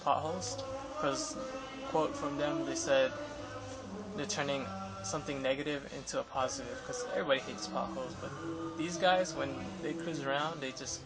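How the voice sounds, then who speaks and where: A man's voice: medium pitch, moderate pace, poor audio. A young man in a casual vlog, recounting an interview with photographers in a rambling way, full of fillers and restarts. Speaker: vlogger. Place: Los Angeles area. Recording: music playing behind.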